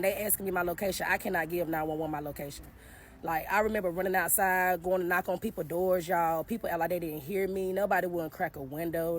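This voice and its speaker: A woman's voice: on the low side, a little hiss or hum. A woman telling a personal story straight to camera in a casual vlog, speaking earnestly and with feeling, often addressing the viewers directly. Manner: recounts events in a halting, emotional way. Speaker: vlogger telling her own story.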